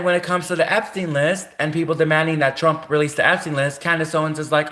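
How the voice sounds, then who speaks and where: Bright-voiced man ranting on a livestream. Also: a little high, fairly quick. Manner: repetitive, keeps addressing his target directly. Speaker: livestream host. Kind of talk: casual ranting monologue.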